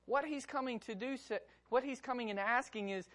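A woman's voice: a little high, a little fast, fairly bright tone. A woman preacher delivering a sermon, emphatic and repeating key phrases with rhetorical questions.

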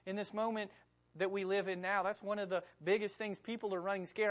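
A woman's voice: mid-range voice, level tone, a little fast. Emphatic woman preaching a sermon. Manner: emphatic, repeats key phrases, rhetorical questions.

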